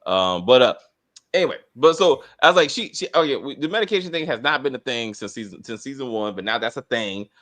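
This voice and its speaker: A middle-aged man hosting a casual TV review chat, rambling, swearing and talking in an animated way. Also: mid-range voice, quick pace. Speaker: TV review host.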